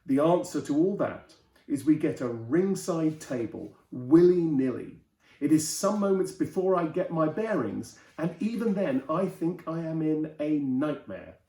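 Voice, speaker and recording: Mellow-voiced man reading a novel aloud. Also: on the high side, expressive, measured pace, echoey room. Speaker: host and reader.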